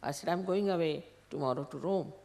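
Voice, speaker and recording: An older woman tells a story to her followers, quoting each person in turn, with soft laughs. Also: sits low, a little fast, vocal fry. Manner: animated anecdote, quoting others in dialogue, soft laughs. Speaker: spiritual teacher.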